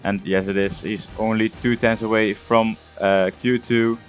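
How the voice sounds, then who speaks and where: Male gaming host, low voice, laid-back play-by-play with many "uh"s, soft music under him. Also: flat delivery, measured pace. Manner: hesitant, full of "uh" and "um" fillers. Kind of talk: casual gameplay commentary.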